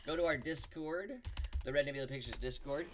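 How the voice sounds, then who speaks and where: A man's voice: on the high side, brisk, slight background noise. A man hosting a live stream, chatting casually and joking with his co-host and viewers. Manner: jokey, chatty, talks to viewers.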